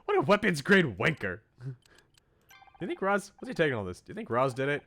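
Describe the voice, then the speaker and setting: Man streaming a game, bright lively voice. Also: mid-range voice, quick pace. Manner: reads characters in his own voice, laughs at his own attempts. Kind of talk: casual let's-play commentary and reading game dialogue aloud.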